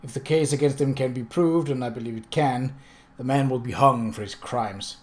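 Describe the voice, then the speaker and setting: A man's voice: medium pitch, normal speed, a little mellow, natural voice. A man voicing a stern village constable who speaks grimly and firmly. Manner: grim, firm.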